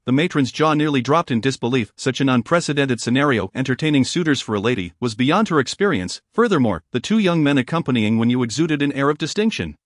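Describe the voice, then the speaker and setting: A man narrating a scripted story in an even, measured way. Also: medium pitch, no echo, studio quality.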